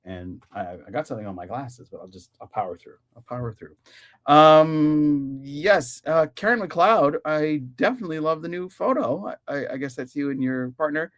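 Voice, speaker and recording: A man's voice: fairly high pitch, normal speed. A man hosting a casual live-stream podcast, reading out viewer comments and laughing often. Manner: animated, giggly, reads chat comments aloud. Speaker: podcast host.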